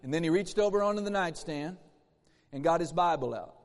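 A man's voice: on the high side, animated, fairly quick, creaky. A man preaching a sermon in a church, emphatic and repetitive, acting out bursts of laughter. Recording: long hall reverb in a church.

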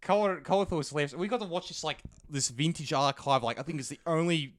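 A man's voice: on the high side, quick pace, no echo. A man chatting casually, rambling with lots of restarts and fillers, swearing freely. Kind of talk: casual chat.

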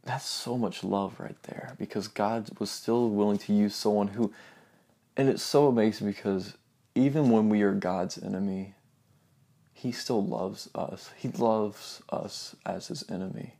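A young man giving an earnest, informal sermon and reading scripture aloud, often dropping to a soft near-whisper for emphasis. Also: lowish voice, steady tone, unhurried, gravelly. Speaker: preacher.

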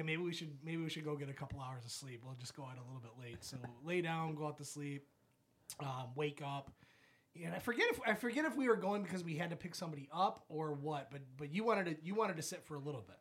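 Higher-voiced man telling a story. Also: quick pace. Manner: animated storyteller, drops low and quiet for quoted lines. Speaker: podcast co-host. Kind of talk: casual storytelling chat.

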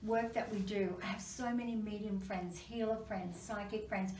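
A woman who works as an animal communicator and medium, talking casually in an animated, storytelling way with many restarts. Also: mid-range voice, moderate pace. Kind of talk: casual conversation. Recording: roomy, distant mic with faint background noise.

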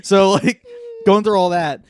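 A man's voice: high voice, unhurried. A young adult man, a podcast co-host, telling a rambling, profane story and laughing through it. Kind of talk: casual storytelling chat.

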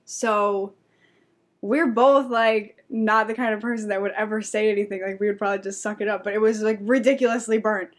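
A woman's voice: medium pitch, steady tone, brisk. A young woman co-hosting a casual podcast chat, telling stories and laughing as she goes. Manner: chatty, laughs while recounting stories. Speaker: podcast co-host.

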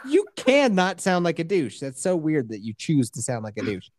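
Woman podcast co-host, lively swooping pitch, dry close sound, casual and profane movie recap. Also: moderate pace, no echo. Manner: animated, profane retelling with acted-out quotes. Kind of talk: casual chat, movie review.

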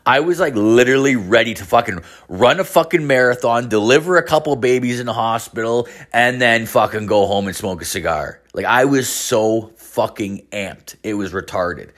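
A man's voice: medium pitch, moderate pace, hardly any pauses, fairly bright tone. A man in his late thirties telling a rambling, profanity-heavy story about drunk calls and hangovers. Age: 30s. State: hungover. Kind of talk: casual storytelling monologue.

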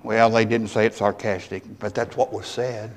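A man's voice: on the low side, fairly even intonation, normal speed, in a large hall. A man, a pastor preaching a folksy, conversational sermon, bantering with his congregation. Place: church.

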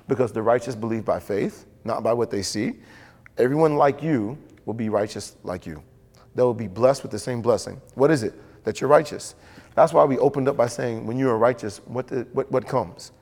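Male pastor, mid pitch, animated preacher voicing characters, long hall reverb. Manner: animated preaching, acting out voices in stories. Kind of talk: sermon.

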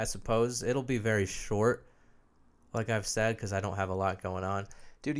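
Congested young man rambling on a podcast. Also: on the low side. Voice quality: nasal, phlegmy. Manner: loose, self-mocking, swears a lot. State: congested and sore-throated. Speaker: podcast host. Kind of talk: rambling solo podcast chat.

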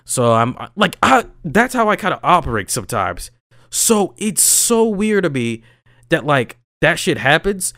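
Lively young man telling a story. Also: a little slow, dry recording, clean studio sound. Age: young adult. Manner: animated, slangy, swings between loud and low. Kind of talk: casual chat, storytelling.

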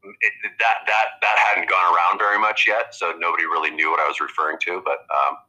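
A man's voice: low voice, flat delivery, sharp tone, low-quality recording. A man who is a guest comedian, chatting casually on a podcast and rambling with lots of restarts. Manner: rambling, halting with many restarts.

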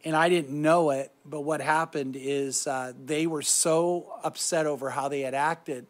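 A middle-aged man giving a reflective devotional talk on meditation, soft-spoken and often trailing off quietly. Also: a little high, fairly even intonation, measured pace. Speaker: Christian speaker guiding meditation.

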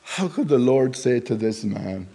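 A man's voice: mid-range voice, sing-song, creaky, warm tone, slight background noise. Earnest plain-spoken man preaching. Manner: earnest, halting, plain-spoken, with restarts and rising emphasis on quoted Scripture. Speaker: lay preacher. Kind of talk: sermon. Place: church service.

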